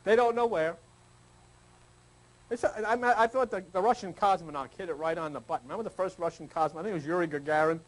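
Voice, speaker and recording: A man's voice: high-pitched, quick pace, low-quality recording. An older man giving an informal, teasing sermon to a small group, acting out people's prayers in a folksy way. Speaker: spiritual teacher.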